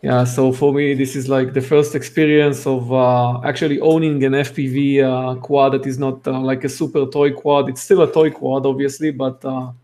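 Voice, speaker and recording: A friendly man speaking English as a second language, pausing often on "uh" as he joins a casual live chat. His voice sits at an ordinary middle pitch. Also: level tone, mellow. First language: not English. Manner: friendly, hesitant with many "uh" fillers. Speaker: guest.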